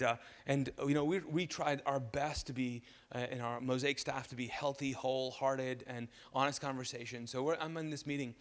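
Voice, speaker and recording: A fairly high-voiced man preaching from a church stage, animated and repetitive, slipping in and out of quoted voices as he makes his points. His voice rings out with a long reverb through a large hall. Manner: animated, repeats phrases, acts out quoted voices. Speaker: pastor. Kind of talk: sermon. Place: church auditorium.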